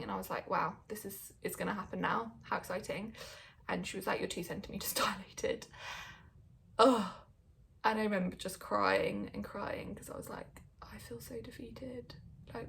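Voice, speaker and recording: A young woman tells a personal story in a candid, chatty way, full of likes and ums. Her mid-pitched voice has a heavy, gravelly fry. There is a faint hum in the background. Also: a bit bright. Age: young adult. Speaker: vlogger.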